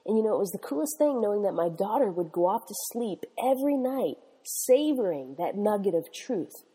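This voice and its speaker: Brief: a middle-aged woman Bible teacher, mellow and husky, punchy repeated exhortations. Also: mid-range voice, sing-song, normal speed, big-room sound. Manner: emphatic, repetitive exhortation with "okay?" tags. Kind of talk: sermon.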